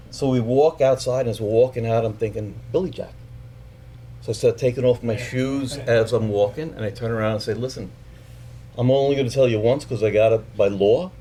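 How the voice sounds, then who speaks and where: Animated middle-aged male storyteller. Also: mid-range voice. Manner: animated, profane, acts out the people in his story; quiet and halting when he speaks about his family. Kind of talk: live personal storytelling.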